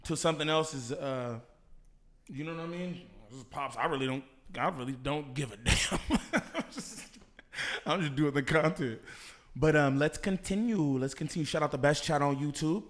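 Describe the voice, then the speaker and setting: A man casually commenting on a video for his live chat, joking and laughing, his voice worn from shouting. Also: on the high side, normal speed. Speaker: streamer reacting to an interview.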